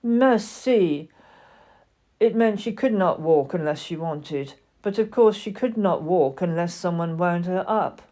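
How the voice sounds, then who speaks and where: A woman reading a children's story aloud in a gentle, expressive narration. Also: fairly low pitch, moderate pace, few pauses. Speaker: audiobook reader.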